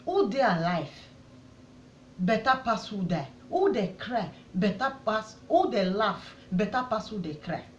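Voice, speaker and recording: A woman's voice: medium pitch, big pitch swings, unhurried, slight background noise. A woman from Edo State with a Nigerian accent, pleading and indignant, firing rhetorical questions straight to the camera as a vlogger. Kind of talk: impassioned address to camera. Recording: echoey room, dull sound.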